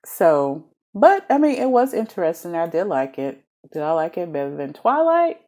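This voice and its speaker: A woman's voice: lowish voice, normal speed. A woman giving a casual, chatty book review, talking animatedly and laughing often between thoughts. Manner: animated, chatty, giggly, many fillers.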